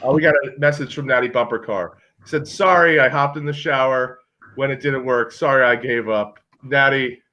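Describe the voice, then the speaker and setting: A man co-hosting a casual game night chat, reading out questions and telling animated stories with acted-out voices. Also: medium pitch, moderate pace. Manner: animated storyteller, acts out voices. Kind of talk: casual chat on a video call. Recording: dull lo-fi call audio.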